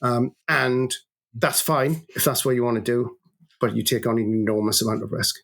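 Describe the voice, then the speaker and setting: A man with a gravelly edge to his voice, a guest on a business interview show. He talks in an animated, storytelling way, doubling back on words and stacking examples as he explains his thinking. His pitch sits in an ordinary middle range. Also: moderate pace. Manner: storytelling, animated, frequent restarts. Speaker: agency co-founder, podcast guest.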